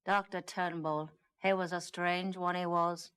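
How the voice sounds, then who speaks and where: A woman's voice: lowish voice, level tone, a little slow, fairly bright tone, soft background music. An actress playing a gossipy Victorian servant woman with an Irish accent and folksy turns of phrase, in a 1990s video game. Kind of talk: 1990s full-motion video game acting.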